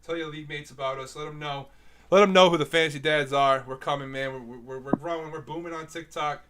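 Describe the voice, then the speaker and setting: A man's voice: a little high, steady tone, fast talker, bright, forceful tone, slight background noise. A man co-hosting a casual live-streamed show over a video call, laid-back and calling people bro and man. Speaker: podcast co-host.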